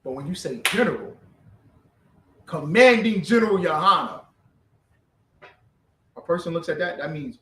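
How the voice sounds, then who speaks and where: A man leading a scripture class, animated and bantering with call and response. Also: a little high, moderate pace, long pauses, a little hiss or hum. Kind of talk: street-preaching style scripture class. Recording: roomy echo, distant from the mic.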